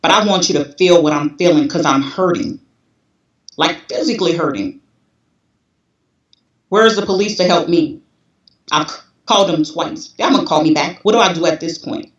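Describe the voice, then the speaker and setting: A woman's voice: low-pitched, a little fast. A woman in her forties tells her own story candidly, emotional and restless, circling back over the same words. She sits some way from the mic in an echoing room, and the sound is dull and muffled. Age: 40s. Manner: emotional, restless, repeats herself. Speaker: guest. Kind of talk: candid personal testimony. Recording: roomy, distant, dull sound.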